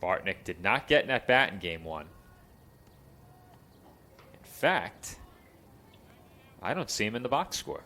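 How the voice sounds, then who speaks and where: A man calling play-by-play for a college baseball game, chatty between pitches and lifting his voice for the action. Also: big pitch swings, measured pace, pauses often, bright, forceful tone. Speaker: play-by-play announcer.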